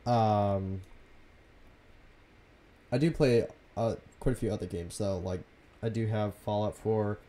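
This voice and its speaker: A young man streaming a city-building game from his home computer, chatting casually with viewers in a soft, half-whispered, laid-back way. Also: lowish voice, slow pace, pauses often. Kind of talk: casual live-stream commentary.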